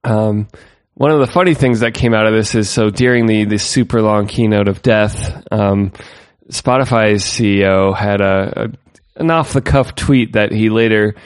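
A man's voice: fairly low pitch, moderate pace, hardly any pauses, clean tone, dry recording, clean studio sound. A man co-hosting a casual tech podcast, chatty and sarcastic, laughing often. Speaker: podcast co-host.

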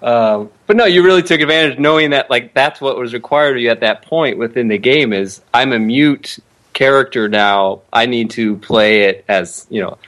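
A man hosting a casual podcast, relaxed, asking the cast questions. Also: lowish voice. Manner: relaxed, asks questions, laughs along. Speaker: podcast host, director. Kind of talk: casual interview chat.

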